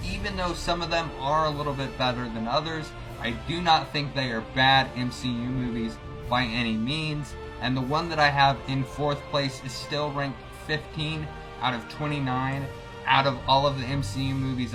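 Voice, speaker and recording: A man casually ranking movies for his channel, enthusiastic and swearing freely in a relaxed chat. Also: medium pitch. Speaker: movie reviewer.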